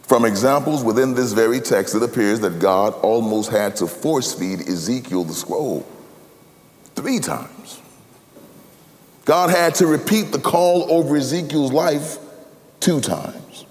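A man preaching a sermon, his cadence sweeping from loud, high emphasis down to low, hushed tones. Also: a little slow. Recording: long hall reverb.

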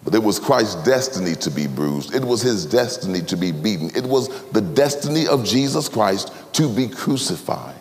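A man preaching a sermon with dramatic swings between loud, emphatic passages and hushed ones. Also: on the low side, sing-song, normal speed, hardly any pauses, big-room sound.

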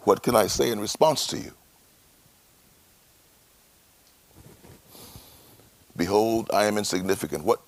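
A man voicing a humbled Job, speaking low and quietly with halting, contrite words. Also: no room sound.

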